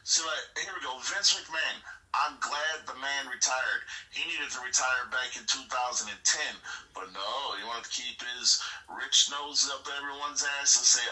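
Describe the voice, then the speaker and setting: A man's voice: medium pitch, moderate pace, sharp tone, recorded from a distance, rough recording. A man ranting bluntly and profanely in a heated casual opinion talk as a podcast co-host. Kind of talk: heated wrestling opinion rant.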